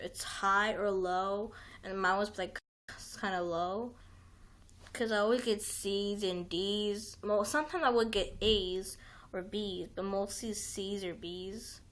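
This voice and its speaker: A woman's voice: medium pitch, steady tone, slow pace, fairly bright tone. A young adult woman hosting a livestream, chatting casually in a rambling way, full of "like" and restarts, with some swearing. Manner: rambling, heavy use of "like", frequent restarts, swears. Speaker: livestream host.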